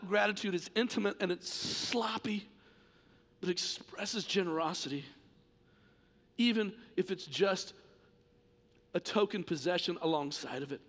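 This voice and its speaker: Male pastor, impassioned sermon delivery, raspy-edged, reverberant sanctuary sound. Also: high voice. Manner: impassioned, emphatic preaching. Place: church sanctuary. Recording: long church reverb.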